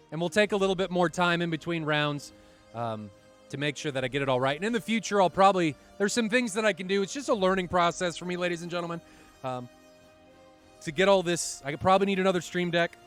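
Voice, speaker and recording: A man commentating a live flight-simulation match stream in a chatty, excitable way, swearing now and then and poking fun at himself. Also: sits high, a little fast, pauses often, soft background music. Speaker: esports commentator.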